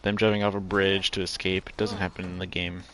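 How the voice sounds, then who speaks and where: A man with a fairly low voice talks through a video game as he plays it. His commentary rambles, breaking off and restarting mid-sentence as he thinks aloud. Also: flat delivery, brisk, a bit bright, slight background noise. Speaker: gaming video host. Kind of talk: let's play commentary.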